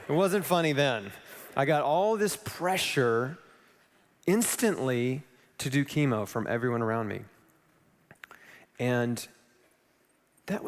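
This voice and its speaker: A man speaking on stage at a live event, telling a personal story with animated, self-deprecating asides to the audience. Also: on the high side. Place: large event hall on stage. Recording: long hall reverb.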